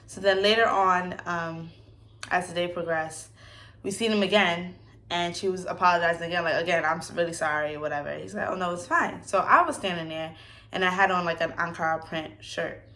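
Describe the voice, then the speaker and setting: Bright-voiced young woman telling stories. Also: lowish voice, fairly quick. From United States. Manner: animated, acts out quoted voices, laughs often. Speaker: vlogger. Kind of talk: casual storytelling Q&A vlog.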